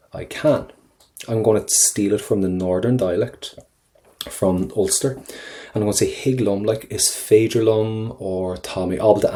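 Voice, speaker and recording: A man teaching an exam-prep lesson over a screen recording, chatty and encouraging, repeating phrases slowly for learners. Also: on the low side, mellow. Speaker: Irish language tutor.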